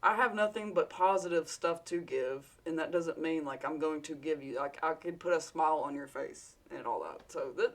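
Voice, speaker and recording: A vlogger with a Southern US accent, telling a work story in a rambling, candid way with casual swearing. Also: mid-range voice.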